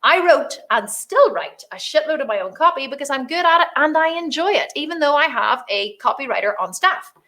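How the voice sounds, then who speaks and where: Brief: middle-aged female business coach, high voice, blunt, animated, swears freely. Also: brisk, few pauses. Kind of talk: energetic business training talk.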